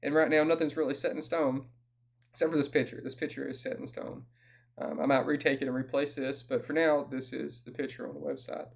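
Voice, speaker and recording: A man's voice: mid-range voice, little pitch movement, fairly quick, vocal fry. A man with a Southern US accent giving a casual solo update as an author, with a dry, self-deprecating humor.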